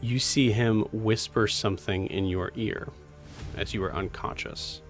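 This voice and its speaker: A young man running a tabletop game as game master, narrating with many halting fillers. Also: lowish voice, steady tone, faint music behind.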